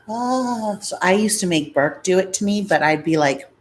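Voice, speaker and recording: A woman's voice: lowish voice, a little hiss or hum. A woman vlogger chatting casually to camera at home, rambling through stories.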